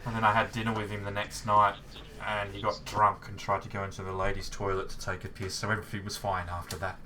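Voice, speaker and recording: A man's voice: lowish voice, monotone, quick pace, sharp tone. Australian man telling rambling stories. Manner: rambling anecdotes, laughing, mimics voices in stories. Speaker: gaming channel host. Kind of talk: casual chat while gaming. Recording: distant mic with noticeable background noise.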